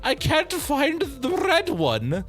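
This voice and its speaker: High, whiny childish lady knight, as a man puts her on, archaic sing-song. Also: huge pitch swings, slow, a bit bright, soft background music, exaggerated voice. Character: childish, theatrical female knight.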